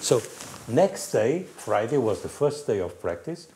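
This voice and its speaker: An older man from Portugal with a Portuguese accent, animatedly telling racing anecdotes in halting, restarting speech. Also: medium pitch, big pitch swings, warm tone, a little hiss or hum. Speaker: guest storyteller, former racing team manager.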